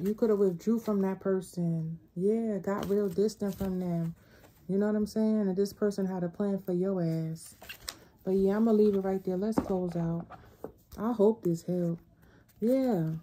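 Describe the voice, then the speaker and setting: A woman's voice: medium pitch, mellow, a little hiss or hum. A woman giving a casual spiritual tarot reading, talking bluntly and profanely in a loose, rambling way. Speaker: tarot reader.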